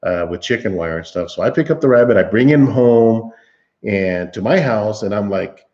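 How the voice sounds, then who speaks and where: A man's voice: fairly low pitch, moderate pace, darkish tone, dull audio. A man hosting a livestream, casually telling a long, laughing story to his chat with lots of restarts. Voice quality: rambling, laughing, with frequent restarts. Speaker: livestream host.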